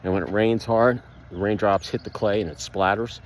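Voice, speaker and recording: A man's voice: lowish voice, normal speed. Rambling man vlogging outdoors. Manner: rambling, animated, frequent fillers. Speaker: vlogger, builder. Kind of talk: casual walking vlog. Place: outdoors, walking past a pool.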